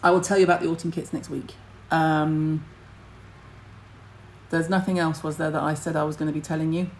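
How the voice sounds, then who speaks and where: A woman's voice: sits low, level tone, a little fast, slight background noise, rough recording. A middle-aged woman, hosting a casual skincare livestream and chatting to viewers in a blunt, rambling way, with the odd casual swear.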